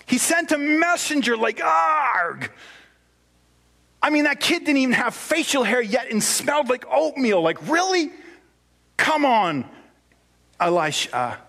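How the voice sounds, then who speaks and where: A man's voice: very high-pitched, unhurried, a bit bright, pitched above the performer's own voice, heavily acted. A man voicing a self-important army commander in a whiny, indignant voice. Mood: ranting.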